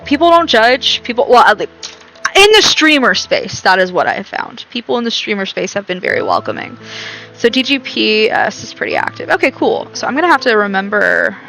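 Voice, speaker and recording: Bubbly, bright-voiced woman streamer. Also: fairly high pitch, very animated, a little fast, gravelly, faint music behind, low-quality recording. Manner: bubbly, giggly, self-deprecating. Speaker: live streamer. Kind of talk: casual live-stream chat to viewers.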